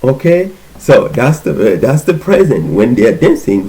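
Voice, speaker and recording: A man giving an informal language lesson, patiently repeating words in slow drills. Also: medium pitch, very animated, dark tone, low-quality recording. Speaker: language teacher.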